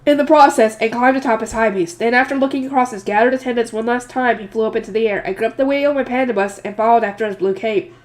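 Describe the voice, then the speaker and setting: Woman, slightly nasal, higher pitch, casual novel reader with chatty asides. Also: fast, hardly any pauses. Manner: chatty asides, emotional, some stumbles. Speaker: audiobook reader.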